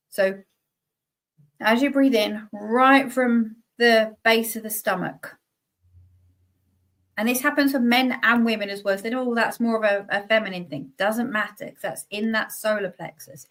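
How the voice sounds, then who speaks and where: A middle-aged woman, a guest healer giving casual, chatty advice and laughing at herself. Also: mid-range voice.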